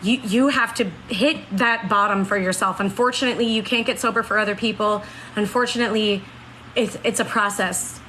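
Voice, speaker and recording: Woman, late thirties, bright, clear tone. Casual live-stream chat answering viewers, earnest, faint background hiss. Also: mid-range voice, fairly even intonation, fairly quick, poor audio. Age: 30s. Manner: earnest, reads and answers comments.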